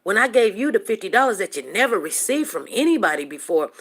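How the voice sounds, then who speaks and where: A woman hosting a livestream show, telling a story to her viewers in an animated, emphatic way and calling them honey. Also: medium pitch, quick pace, breathy edge. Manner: animated, emphatic, calls listeners "honey" and "you guys".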